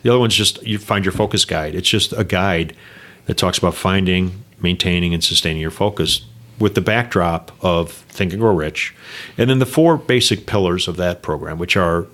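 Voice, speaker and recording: A man's voice: low voice, normal speed, a bit bright. A middle-aged man speaking as a podcast guest in casual chat, rambling and upbeat, often tagging lines with "right?" and "you know".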